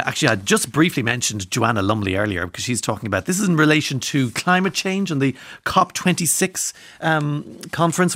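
A man's voice: mid-range voice, fairly bright tone, no room sound. An Irish man presenting a radio show from a studio, chatting casually with rambling asides and self-deprecating humour while reading out listener texts. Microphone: studio microphone.

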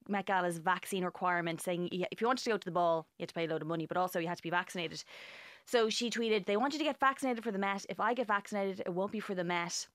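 A woman, a guest on a radio culture panel, chatting in a giggly, rushed way and often stumbling over words. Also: mid-range voice, a bit bright, no echo, studio quality. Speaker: podcaster and writer, panel guest. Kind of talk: casual chat.

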